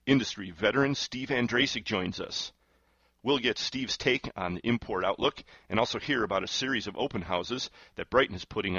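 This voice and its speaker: A man hosting a talk radio show, reading the intro and lineup in a smooth, upbeat announcer delivery. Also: fairly low pitch, pushed and bright, no echo, highs cut off. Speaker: host.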